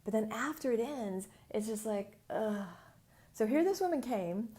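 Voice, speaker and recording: A woman hosting a casual solo podcast, chatty and animated as she tells a client story. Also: a little high, measured pace. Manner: chatty and animated, acts out voices in quotes. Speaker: business mentor and podcast host.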